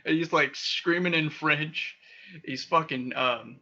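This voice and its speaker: A young man hosting a podcast, telling wild stories in a casual, profane, animated way with frequent laughter. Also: on the high side, slow. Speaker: podcast host. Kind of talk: casual storytelling. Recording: dull lo-fi sound.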